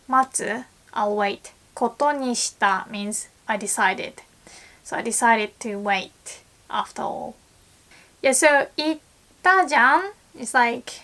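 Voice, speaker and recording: A young woman in a casual language lesson, explaining Japanese phrases and acting out lively examples. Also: a little high.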